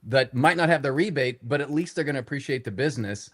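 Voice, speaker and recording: A man's voice: medium pitch, quick pace. Agreeable, reflective man on a panel. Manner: agreeable, reflective, restarts often. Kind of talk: casual panel discussion.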